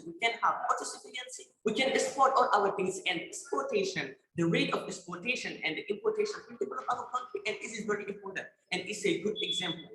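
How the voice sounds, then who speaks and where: A teenage Senegalese boy argues in a debate round over a video call, his voice high and ringing bright. He presses his point with rhetorical questions and often trips over repeated words. The room around him is echoey. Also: a little hiss or hum. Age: teens. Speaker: student debater. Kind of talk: competitive debate speech.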